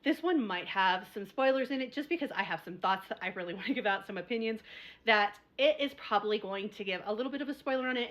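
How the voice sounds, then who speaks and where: Woman book vlogger, quick and slightly high-pitched, rambling and animated. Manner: rambling, repeats herself, gets worked up. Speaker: book reviewer. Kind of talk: casual chat, book review vlog.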